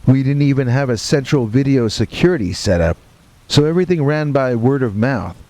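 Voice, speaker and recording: A man narrating a first-person horror story in a deadpan, matter-of-fact way with wry asides, with rain and thunder behind him. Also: medium pitch, a little fast.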